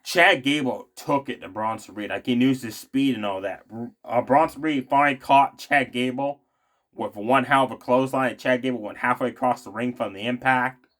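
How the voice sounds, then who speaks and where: A man's voice: medium pitch, moderate pace, fairly bright tone. A man giving a casual, opinionated recap of a wrestling show, rambling along with plenty of fillers and asides.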